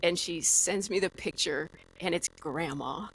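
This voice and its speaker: A woman guest on a podcast, telling a story in a lively, animated way with lots of "like" fillers. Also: lowish voice, measured pace, a little hiss or hum, low-quality recording. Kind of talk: casual storytelling.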